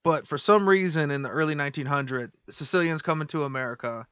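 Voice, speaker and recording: Bright-voiced man telling history casually. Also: a little high, fast, clean tone, no echo, highs cut off. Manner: storytelling, laughs often, swears casually. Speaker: podcast co-host. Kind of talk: casual chat.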